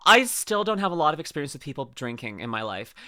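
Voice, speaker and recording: A woman chats casually while she reacts to videos, giggling and rambling with plenty of restarts. Her tone is bright and crisp, and her pitch moves a lot. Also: big pitch swings, fast talker. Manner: giggly, rambling, lots of restarts and trailing asides.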